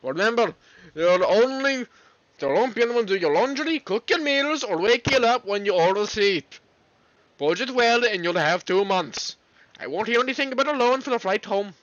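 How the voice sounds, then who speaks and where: A man's voice: high voice, animated, moderate pace, fairly bright tone, dry recording, voice pushed up. A man voicing a stern, lecturing father in a mock Welsh accent. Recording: dull lo-fi.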